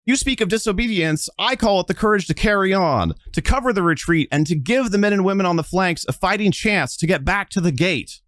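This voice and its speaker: Guy doing a crying furious lady soldier, yelling, dry sound. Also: high voice, expressive, fairly quick, hardly any pauses, dry recording, pitched above the performer's own voice. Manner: shouting, tearful, defiant. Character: furious grieving woman soldier captain. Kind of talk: tabletop game role-play.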